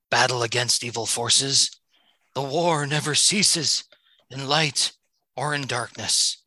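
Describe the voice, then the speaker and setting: A man voicing the ghost of an old general, speaking slowly in a hushed, spectral voice. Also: medium pitch, dry recording, heavily acted, poor audio. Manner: slow, hushed ghostly delivery. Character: ghostly old Confederate general, solemn and weary.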